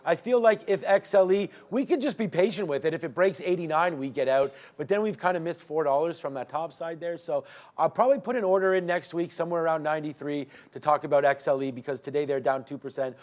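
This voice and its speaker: A man in his forties hosts a live trading stream from a studio, talking loosely about charts and drifting into stories. His voice sits a bit high for a man, and he stumbles and restarts often in a relaxed, chatty way. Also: fast. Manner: rambling, chatty, storytelling with many restarts. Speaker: trading show host. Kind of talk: casual live market commentary.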